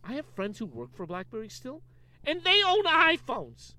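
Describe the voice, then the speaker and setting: A man's voice: very high-pitched, moderate pace, crowd noise. A young man from Canada co-hosting a casual comedy podcast, joking and mocking himself as he riffs with a friend in a car. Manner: animated, joking, self-mocking. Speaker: podcast co-host.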